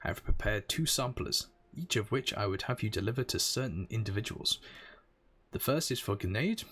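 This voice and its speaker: A man's voice: fairly low pitch, expressive, normal speed, fairly bright tone, husky. Man reading as a sly elf spice merchant. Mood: courteous.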